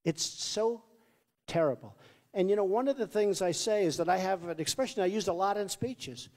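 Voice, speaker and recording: A political candidate gives an off-the-cuff campaign rally speech, rambling, repetitive and boastful. His voice sits high with a darkish tone at a normal speed. The large rally venue adds the long reverb of a big hall.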